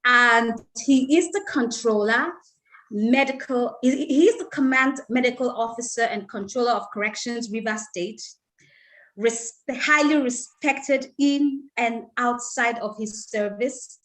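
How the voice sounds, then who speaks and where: A woman's voice: a little high, measured pace, fairly bright tone. A woman hosting an interview, chatty and openly emotional, laughing often. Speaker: host. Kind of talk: casual interview. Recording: echoey room.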